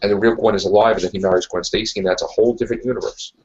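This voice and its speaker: A man's voice: on the low side, steady tone, rapid-fire, a little mellow, lo-fi sound. A man hosting a casual podcast chat, ranting emphatically and repeating his points. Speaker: podcast host.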